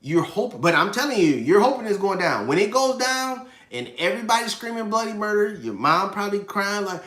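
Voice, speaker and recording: A man's voice: sits high, very animated, moderate pace, fairly bright tone, reverberant. Emphatic man hosting a live finance stream. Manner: emphatic, repeats points, reads chat questions. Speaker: livestream host.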